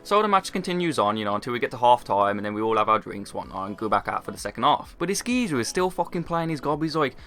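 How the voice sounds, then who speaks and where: A man's voice: medium pitch, expressive, very fast, sharp tone. A young man with a Birmingham accent telling a story over gameplay footage, swearing constantly and padding his sentences with "like" and "you know". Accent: Birmingham English. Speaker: gaming YouTuber. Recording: faint music underneath.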